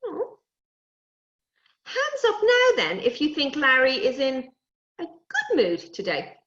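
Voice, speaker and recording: A woman presenting a lively lesson on animal safety to young children, coaxing them and talking to toy animals. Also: sits high, slow. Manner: animated, coaxing, talks to puppets and kids. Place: indoors, recorded for an online event. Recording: dull, roomy live stream audio.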